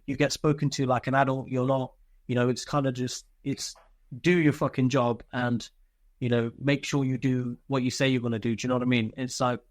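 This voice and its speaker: A British army veteran, a guest in a casual storytelling interview, recounts his army days in a candid, laid-back way, swearing freely and using many fillers and restarts. His voice sits at a middle pitch. The recording is dry and close, with no room sound.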